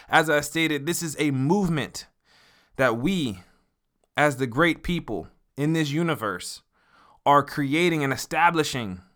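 A man hosting a motivational podcast, talking earnestly and with emphasis, slowing down to stress key words. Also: mid-range voice, bright, forceful tone. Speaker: podcast host.

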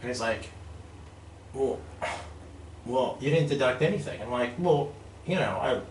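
A man in his thirties telling a lively story about his army days, acting out quotes and laughing often. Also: mid-range voice, measured pace. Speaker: guest, army veteran turned real estate investor. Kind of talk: casual storytelling interview. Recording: roomy, distant mic with faint noise.

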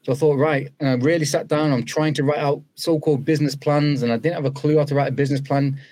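A former footballer from Britain, appearing as a podcast guest, tells his story conversationally and animatedly acts out what people said. His voice is a little high and his pace quick.

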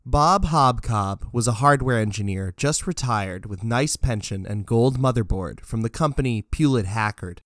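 A man reading dark fiction aloud in a flat, deadpan first-person narration. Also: medium pitch, normal speed, hardly any pauses, no room sound. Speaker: story narrator.

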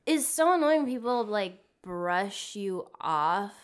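A woman's voice: medium pitch, big pitch swings, slow, clear, resonant tone. A young woman co-hosting a podcast, reacting with gushing exclamations. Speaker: podcast co-host. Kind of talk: casual chat.

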